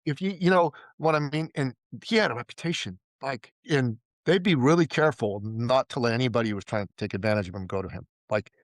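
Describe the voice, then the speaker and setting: A man's voice: medium pitch, quick pace, few pauses, dry recording. A man from Iran, a podcast guest and entrepreneur, telling stories in casual interview talk. He acts out the people he quotes and often says "like" and "right?".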